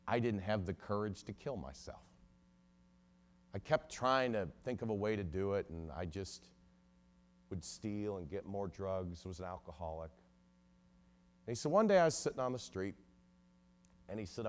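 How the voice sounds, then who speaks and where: A man preaching to a congregation, telling a long story and quoting the people in it, his loudness swelling and dropping as he goes. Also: low-pitched. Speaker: ministry lawyer preaching. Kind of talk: sermon storytelling.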